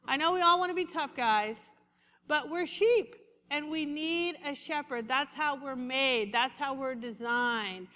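A woman pastor giving a lively, conversational sermon and calling out to her congregation. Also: high voice, a little slow, big-room sound. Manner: lively, conversational preaching with congregation call-outs.

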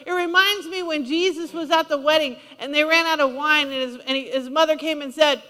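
A woman delivers a sermon in a church, talking in a conversational, emphatic way and asking her listeners questions. Her voice is high and bright. It rings with the long reverb of a large hall. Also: steady tone, normal speed, few pauses. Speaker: preacher.

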